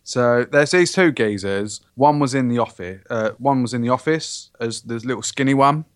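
A man's voice: medium pitch, normal speed, no echo, clean studio sound. English man with a blunt, laid-back voice. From England. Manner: blunt, swears casually, laid-back storytelling. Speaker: podcast co-host. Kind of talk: casual banter.

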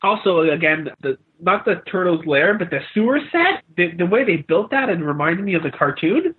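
Husky man on a tinny line. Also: high-pitched, sing-song, normal speed. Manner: rambling, stammering restarts, frequent laughs. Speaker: podcast co-host reviewing a film. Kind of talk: casual chat.

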